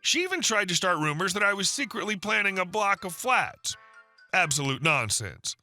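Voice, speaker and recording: A man narrating online stories in a scripted way, with wry deadpan asides. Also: high voice, moderate pace, faint music behind.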